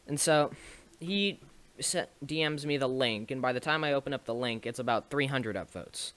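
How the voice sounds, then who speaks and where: A man's voice: medium pitch, unhurried, long pauses, a bit bright. A young man telling a casual story to camera, rambling with restarts and small laughs. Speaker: streamer and video maker.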